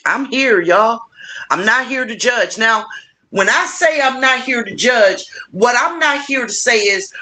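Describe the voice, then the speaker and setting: A middle-aged woman hosting a casual livestream, warmly encouraging her viewers and talking to them directly. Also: takes it slowly. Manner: warm, encouraging, animated with big pitch swings; playful, addresses viewers directly. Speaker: livestream host.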